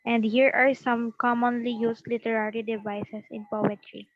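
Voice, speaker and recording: A woman's voice: fairly high pitch, little pitch movement, normal speed, dry recording, phone-quality sound. A young woman with a Filipino accent, a student reading aloud in class plainly. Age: young adult.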